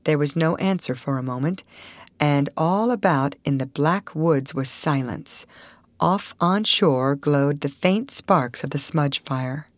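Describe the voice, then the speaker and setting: A woman reading a classic adventure novel aloud as an audiobook narrator, measured and expressive. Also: sits low, dry recording.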